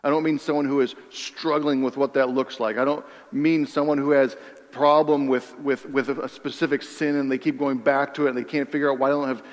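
A man preaching a sermon in an earnest way, repeating phrases for emphasis and dropping to a hush on key lines. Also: medium pitch, little pitch movement, brisk, big-room sound. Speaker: pastor.

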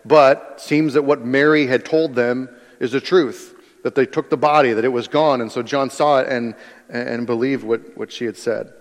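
A man's voice: medium pitch, steady tone, moderate pace. Man preaching in a big reverberant hall. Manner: conversational, emphatic, reads then explains. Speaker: pastor. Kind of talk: sermon with scripture reading. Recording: long reverb of a large hall.

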